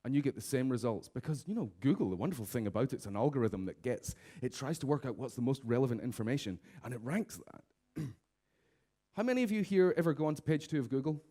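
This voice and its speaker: A man giving a comic conference keynote, lively, slipping into raised voices to mimic office characters. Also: mid-range voice, fast talker. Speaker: conference speaker. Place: conference stage.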